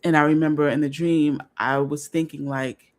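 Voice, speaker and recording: A woman's voice: low voice, fairly even intonation, normal speed. Earnest, rambling woman vlogger. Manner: rambling, restarts, chatty asides to viewers; earnest, openly emotional. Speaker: vlog host. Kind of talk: casual storytelling vlog.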